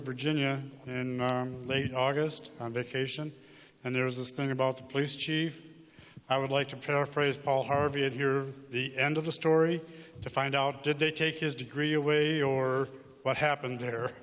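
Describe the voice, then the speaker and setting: Man, audience question, flat monotone, echoing lecture hall. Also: mid-range voice, normal speed, clear, resonant tone. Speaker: audience member asking a question. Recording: reverberant hall.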